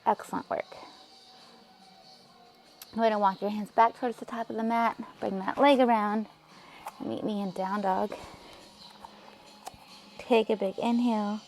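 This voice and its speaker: A woman leading a yoga class, giving calm, encouraging cues with soft breathy asides. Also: mid-range voice, measured pace, long pauses. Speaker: yoga instructor. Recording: music playing faintly behind.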